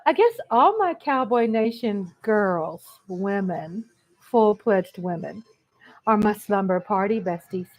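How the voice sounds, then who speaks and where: A woman's voice: medium pitch, lively intonation, takes it slowly, poor audio. A woman hosting a casual live chat, greeting viewers by name and laughing often. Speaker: livestream host.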